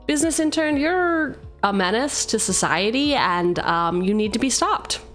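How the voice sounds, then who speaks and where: A woman's voice: fairly high pitch, lively intonation, moderate pace, a bit bright. Young woman, streamer host, casual and playful, reading card text, faint background music. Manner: playful and teasing, jumping between card text and banter. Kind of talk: casual live-stream chat while deck building.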